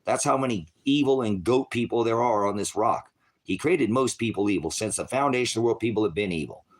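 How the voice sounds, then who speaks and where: Very deep-voiced man preaching a rant. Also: animated, fairly quick. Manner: confrontational, profane, scolding. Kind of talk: unscripted sermon rant.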